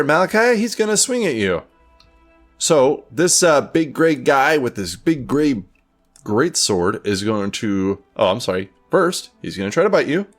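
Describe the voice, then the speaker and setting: A man runs a tabletop game as game master, his pitch rising and falling a lot. He is playful and swears when rolls go badly. Faint music plays behind him.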